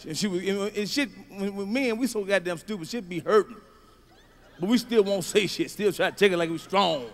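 A middle-aged man doing a stand-up comedy routine, telling profane stories that swing from low mutters to loud shouts. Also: a little fast. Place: large comedy venue stage. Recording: live show, faint crowd ambience.

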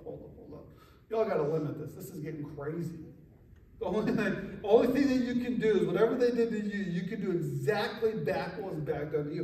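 A man's voice: on the high side, mellow. A male pastor preaching a casual, joking sermon in a conversational way. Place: church sanctuary. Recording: echoey room from a distance.

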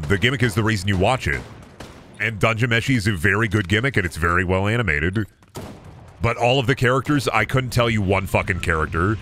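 A man's voice: on the low side, bright, forceful tone, a little hiss or hum. A man streaming a game, ranting cynically and with plenty of swearing in a casual chat. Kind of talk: casual chat while gaming.

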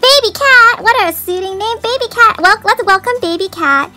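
A woman with an extremely high-pitched, sharp voice hosts a toy unboxing, talking a little fast. She gushes, gasps, and coos at the dolls in a sing-song voice during the excited chat. Music plays in the background.

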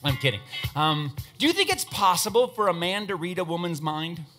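A man on stage giving a motivational talk full of jokes and playful asides. His voice sits high and swings widely in pitch. The tone is bright and forward. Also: a little fast, soft background music. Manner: animated, joking, playful asides to the audience. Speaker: motivational speaker and magician. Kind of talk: humorous stage talk with audience participation. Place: stage before a live audience.

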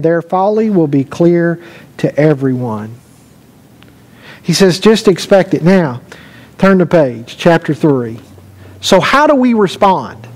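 A man's voice: high-pitched, darkish tone, rough recording. A man, a pastor, preaching a conversational sermon, telling anecdotes with quoted dialogue and reading scripture aloud. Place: church sanctuary.

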